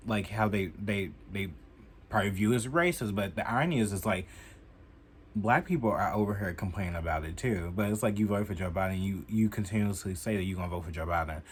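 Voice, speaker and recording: A young man giving heated, profane political commentary in a casual vlog, filling his talk with "like" and getting loud as he goes. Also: fairly quick, a little hiss or hum. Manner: heated and profane, heavy use of "like"; animated, jumping in pitch and loudness.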